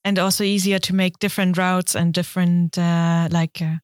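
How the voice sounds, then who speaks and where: A woman's voice: on the low side, level tone, normal speed, a little mellow, no echo. Encouraging female podcast co-host, dry sound. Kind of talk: casual podcast interview.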